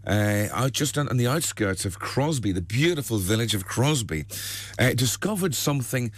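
A man's voice: medium pitch, sing-song, normal speed. A man hosting a breakfast radio show, telling jokes in a cheeky way and laughing at his own punchlines. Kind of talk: joke-telling radio banter. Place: dry radio studio.

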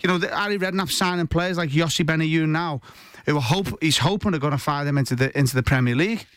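Fast-talking football pundit man. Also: fairly high pitch, no room sound, clean studio sound. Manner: rapid, animated, with frequent restarts. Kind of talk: radio sports chat. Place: radio studio.

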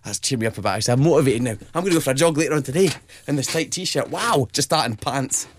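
A man co-hosting a casual podcast, telling rambling, animated stories. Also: mid-range voice, fast, slight background noise. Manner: rambling, animated storytelling with impressions. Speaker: podcast co-host.

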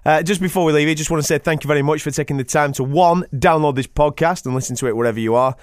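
A man's voice: fairly high pitch, racing, no echo, studio quality. A man hosting a breakfast radio show, telling jokey stories in casual banter. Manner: chatty, jokey storyteller. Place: radio studio.

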